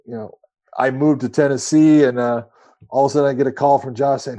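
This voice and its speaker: Mellow-voiced man telling a long story. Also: mid-range voice, fast. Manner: relaxed, rambling with profanity. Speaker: podcast co-host. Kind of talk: casual storytelling.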